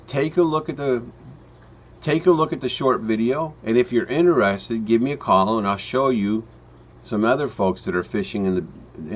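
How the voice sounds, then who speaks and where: Man, storytelling parable, slow emphatic phrasing, restarts lines, dull lo-fi sound. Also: fairly low pitch. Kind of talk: spoken parable for a home business pitch. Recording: dull lo-fi recording.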